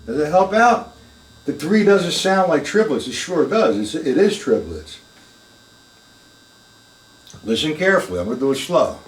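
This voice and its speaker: An older drum teacher gives a live lesson in a room with a drum kit, his voice on the high side and very animated at normal speed, with long pauses. Recorded from a distance in an echoey room with music and heavy noise, he chats casually, calls viewers by name, and counts beats aloud.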